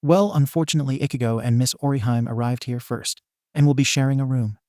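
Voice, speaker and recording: A man voicing a sly, scheming male shopkeeper in a read-aloud story, with smooth, polite talk. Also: mid-range voice, quick pace, dark tone, no echo, studio quality, lightly acted.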